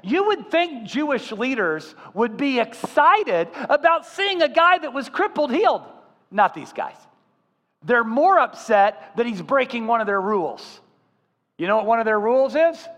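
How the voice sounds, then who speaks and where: A man preaching a sermon as pastor, telling stories with animated voices. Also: very high voice, a little slow, big-room sound. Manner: animated storytelling, acting out voices.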